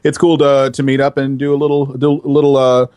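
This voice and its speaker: A man's voice: mid-range voice, little pitch movement, fairly quick, darkish tone, dry recording. A man who voices characters for a living, chatting as a podcast guest in a rambling, self-deprecating way, often repeating words. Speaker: voice actor guest. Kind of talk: casual podcast interview.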